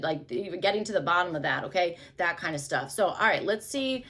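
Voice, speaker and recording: A woman doing a casual tarot reading to camera, rambling loosely with lots of fillers and hedges, dropping to soft murmurs now and then. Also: medium pitch, expressive, fairly quick, hardly any pauses. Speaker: tarot reader.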